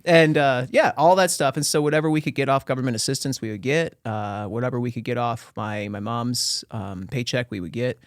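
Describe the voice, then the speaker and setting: A young man from Pennsylvania tells his story as a podcast guest, lively and slangy, hitting the table as he talks with his hands. His voice sits at an ordinary middle pitch and is recorded dry and close, with no room echo. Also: brisk, few pauses. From Pennsylvania, USA. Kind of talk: casual storytelling.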